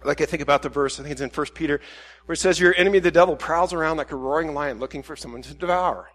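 A man with a fairly high voice gives a reflective sermon in a candid, self-questioning way. He works through his doubts out loud and acts out the questions he asks himself. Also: quick pace. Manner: candid, self-questioning, with quoted inner dialogue.

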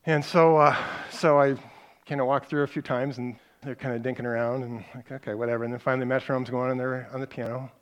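Leading a parenting class, a middle-aged man speaks at a medium pitch with little pitch movement. He tells conversational stories, repeats his key points for emphasis, and briefly acts out lines from both parent and child.

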